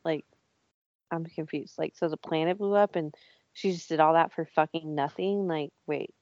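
A woman's voice: low-pitched, moderate pace, darkish tone, dry recording, highs cut off. A woman telling a story animatedly in casual chat and swearing often.

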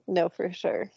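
A woman's voice: mid-range voice, vocal fry, a little mellow, breathy edge, no room sound, lo-fi sound. A woman co-hosting a podcast, casual and laid-back, with short replies and some swearing. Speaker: podcast co-host. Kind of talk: casual chat.

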